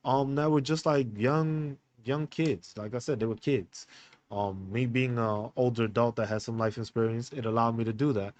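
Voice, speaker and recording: A man hosting a podcast, telling a personal story in a candid, halting way with many fillers and restarts. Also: mid-range voice. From United States. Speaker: podcast host.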